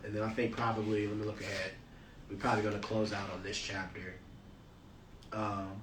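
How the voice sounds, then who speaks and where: A man hosting a Bible study, reading scripture aloud and breaking off into loose, slangy commentary. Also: medium pitch. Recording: roomy, distant from the mic.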